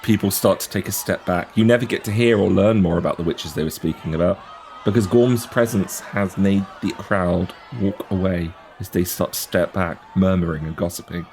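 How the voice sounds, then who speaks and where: A man's voice: deep voice, fairly even intonation, normal speed, darkish tone, slight background noise. A man narrating a tabletop game as game master, with vivid description.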